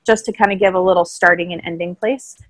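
A woman speaking as a guest in a casual interview, explaining things in a calm, thoughtful way. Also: lowish voice, quick pace, no room sound, low-quality recording. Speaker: voice coach guest. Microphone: own microphone, remote call.

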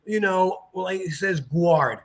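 A middle-aged man telling stories as a podcast guest, animated and jokey. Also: high-pitched, moderate pace. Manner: animated, jokey, mimics voices. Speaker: podcast guest, jiu-jitsu black belt. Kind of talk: casual storytelling.

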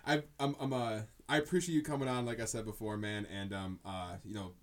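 A man hosting a casual podcast, relaxed, giving short replies and wrapping up the episode. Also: fairly low pitch, fairly quick. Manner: easygoing, short reactions. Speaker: podcast host. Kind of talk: casual chat.

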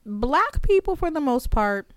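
A woman co-hosting a podcast in relaxed casual chat, telling stories and teasing. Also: sits high, a little slow, dry recording, clean studio sound.

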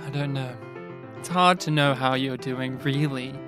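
A man hosting a podcast, joking and playful, his voice getting croaky. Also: mid-range voice, fairly even intonation, unhurried, fairly bright tone, faint music behind. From Australia. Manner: joking, playful, self-deprecating. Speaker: podcast host. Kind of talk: casual chat.

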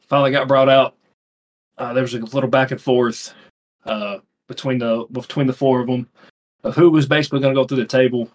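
Husky, rambling man podcast co-host. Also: mid-range voice. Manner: profane, rambling storyteller with many fillers. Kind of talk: casual chat.

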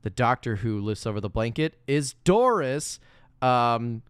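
A man in casual chat recapping a movie plot, animated and acting out scenes in exaggerated voices. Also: unhurried, clean tone, dry recording, clean studio sound. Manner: animated, acts out scenes with big high-pitched voices. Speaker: co-host.

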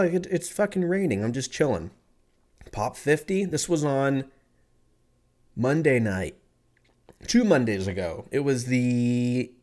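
A man in his thirties tells a story to the camera in a loose, rambling way. He swears freely, pokes fun at himself and keeps an easygoing tone throughout, his voice sitting at an ordinary middle pitch. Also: a little mellow. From California. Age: 30s. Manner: rambling, profane, laid-back, self-mocking. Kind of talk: casual storytelling monologue.

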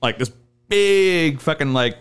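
A man's voice: slow pace, clear, resonant tone. A man in his thirties telling stories in casual chat, swearing freely and acting out the people in them. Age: 30s. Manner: animated, acts out the people in his stories with big pitch jumps; swears a lot. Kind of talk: casual storytelling.

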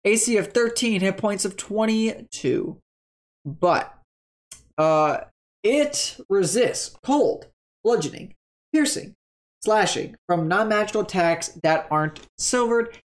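A chatty, upbeat host walks through tabletop game monster stats in a loose, rambling flow. They stop mid-thought to correct themselves and then carry on. The voice sits at a middle pitch. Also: lively intonation, slow. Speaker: tabletop game content creator.

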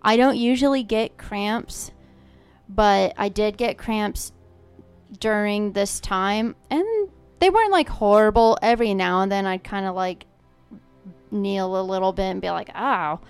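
Woman podcaster rambling through a story, smooth clear voice, faint music behind. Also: medium pitch, measured pace. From Oklahoma. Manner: chatty, storytelling with filler words. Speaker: podcast co-host. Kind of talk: casual chat.

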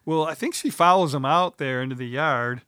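A man's voice: a little high, sharp tone, clean tone, no echo, studio quality. A man co-hosting a podcast, chatting casually about a film with an easygoing manner. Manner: easygoing, quick agreeing interjections. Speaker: podcast co-host.

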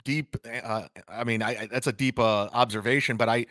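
This comedian, a guest in a casual live-stream conversation, rambles and stumbles, frequently breaking off to restart his sentences. His mid-range voice is brisk and fairly bright with fairly even intonation, in studio quality with no echo.

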